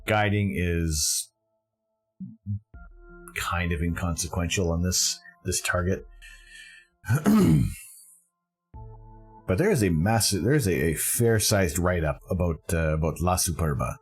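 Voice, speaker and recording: A man's voice: deep voice, a little slow, faint music behind. A man from Canada hosting a live stream, talking casually and with enthusiasm in a rambling way, often correcting himself mid-sentence.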